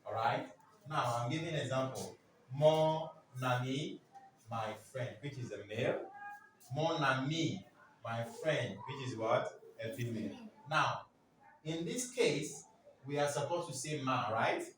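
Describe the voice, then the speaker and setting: A man's voice: mid-range voice, animated, moderate pace, fairly bright tone. A man teaching French to a class, prompting students with questions and drilling words for them to repeat. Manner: keeps asking the class "what?" for them to fill in answers. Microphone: far from the speaker. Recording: very echoey room, distant mic, faint noise.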